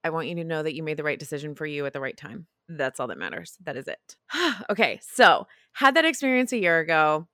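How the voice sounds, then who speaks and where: A woman in her thirties hosts her own podcast and shares a personal story candidly, breaking into laughter again and again. Her voice sits a little low for a woman. It sounds close and dry, with no room echo. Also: expressive, fairly quick, a bit bright. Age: 30s. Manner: frank and confessional, laughs often. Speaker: podcast host.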